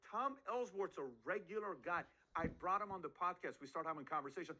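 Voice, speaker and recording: A husky-voiced man talks quickly through motivational advice. He fires off rhetorical questions and acts out the voices of the people he quotes. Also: high-pitched, pushed and bright, rough recording. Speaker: podcast host giving advice. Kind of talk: motivational talk.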